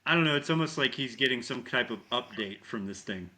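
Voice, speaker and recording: Man, podcast co-host, bright forceful voice, animated, swears a lot, casual movie recap. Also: medium pitch, a little fast. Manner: animated storyteller, heavy swearing, acts out lines.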